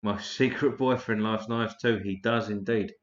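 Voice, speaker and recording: A man's voice: lowish voice, steady tone, moderate pace. A man hosting a casual live stream, chatting loosely and swearing freely while tired and yawning. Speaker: livestream host. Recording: roomy, dull lo-fi stream audio.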